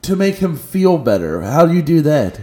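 A man co-hosting a casual talk show, incredulous and swearing, with loud laughs. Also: a little high, big pitch swings, normal speed. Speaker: podcast co-host. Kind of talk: casual banter. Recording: roomy echo with faint noise.

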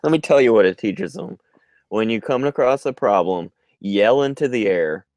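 A man co-hosting a podcast with quick deadpan comebacks in casual comedic chat. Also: medium pitch, no echo. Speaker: podcast co-host.

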